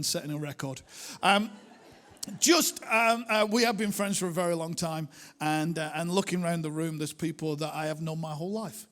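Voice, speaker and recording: A middle-aged man with a Northern English accent gives a sermon as a guest preacher. His voice sits high for a man, and he talks in a chatty, self-deprecating way with plenty of ums and uhs. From Northern England. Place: church hall.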